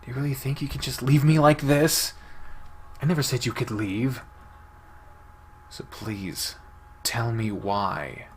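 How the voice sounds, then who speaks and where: A man hosting a let's-play, reading a visual novel aloud with expressive delivery that swings between soft and loud. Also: mid-range voice, a little slow, pauses often, a little hiss or hum. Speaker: game let's-play host.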